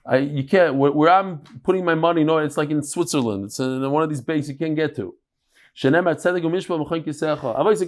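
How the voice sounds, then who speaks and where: A man leads a Talmud class, talking in a lively, chatty way and sprinkling in Hebrew and Yiddish terms. His voice sits a bit high for a man. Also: fast. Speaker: Talmud teacher.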